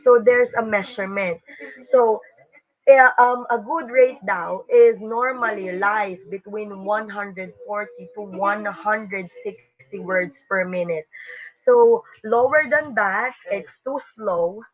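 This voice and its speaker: A woman's voice: medium pitch, slow pace. A woman teacher, giving an online webinar lecture in an explanatory way with frequent fillers and restarts. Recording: dull lo-fi webinar audio.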